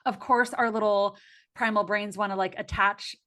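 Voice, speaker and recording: Woman, podcast guest, casual and expressive, thoughtful delivery with lots of fillers. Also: medium pitch, moderate pace. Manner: expressive, reflective, many filler likes. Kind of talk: casual conversational interview.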